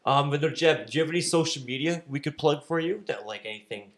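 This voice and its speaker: A man's voice: fairly high pitch, expressive, quick pace. A man co-hosting a podcast, teasing and swearing in casual chat. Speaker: podcast host.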